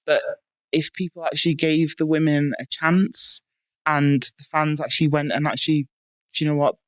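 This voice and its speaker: A woman talks casually as a podcast guest. She keeps a fairly even tone and her voice is smooth and clear. The recording is dry and close, with little room sound. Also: sits low, moderate pace, dry recording. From United Kingdom. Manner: relaxed, filler-heavy, with frequent "um" and "like". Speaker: strongwoman athlete, podcast guest. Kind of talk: casual interview answers.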